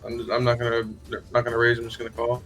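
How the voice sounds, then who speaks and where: A man's voice: mid-range voice, monotone, very fast, fairly bright tone, faint music behind, poor audio. A man playing a tabletop game, giving short, casual replies. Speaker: player.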